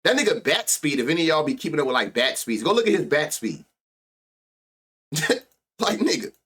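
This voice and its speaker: Profane, animated sports-betting host. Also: male voice, a little high, normal speed, slightly rough. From United States. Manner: animated, profane, laughs often, reads stats aloud under his breath. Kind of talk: casual live-stream sports talk.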